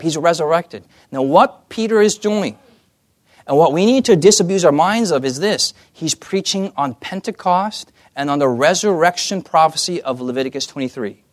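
A man preaching a sermon to a congregation, animated and asking the crowd questions as he goes. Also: a little high. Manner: animated, asks the audience questions.

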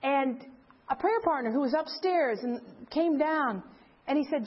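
An older woman giving a sermon, telling a story with lively acted-out quotes. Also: high-pitched, a little slow. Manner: animated storyteller acting out quotes. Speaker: speaker. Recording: dull lo-fi sound.

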